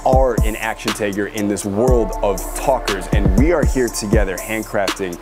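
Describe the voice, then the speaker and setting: A man's voice: on the low side, normal speed, over loud music. Emphatic male marketing podcaster. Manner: emphatic storytelling, acts out characters. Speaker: podcast host. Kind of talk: motivational marketing talk.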